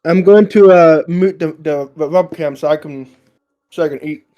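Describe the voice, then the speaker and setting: A man's voice: on the high side, warm tone, dull audio. A man playing in a tabletop game who chats casually and restarts his sentences often. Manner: halting, repeats himself as he starts sentences. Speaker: player. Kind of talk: casual chat.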